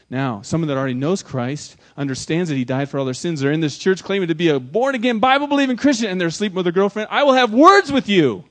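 A man preaching a sermon as pastor, speaking emphatically, swinging from loud exclamations to hushed lines, often repeating words for emphasis. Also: fairly high pitch.

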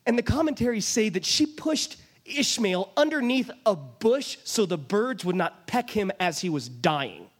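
A man's voice: high-pitched, sing-song, a little slow. A man preaching a sermon, retelling a scripture story with emphatic storytelling and acting out the voices of its people. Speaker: pastor.

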